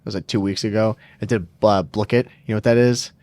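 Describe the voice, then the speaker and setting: A man in his twenties co-hosting a podcast, telling stories with animation and jumping into high voices to quote people. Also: steady tone, a little fast, a little mellow, no room sound. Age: 20s. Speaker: podcast co-host. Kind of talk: casual chat.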